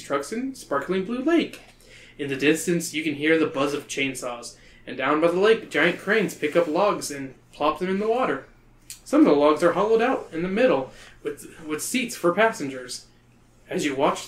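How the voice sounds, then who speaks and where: A man hosting a podcast, reading a children's book aloud in a playful, joking way. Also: a little high. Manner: playful, breaking into laughter. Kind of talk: comedic read-aloud of a kids' book. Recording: roomy echo.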